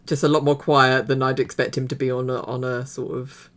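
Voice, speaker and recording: A woman's voice: very deep voice, flat delivery, brisk. A woman hosting a reaction video, chatting casually and rambling with many fillers and restarts. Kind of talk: casual commentary.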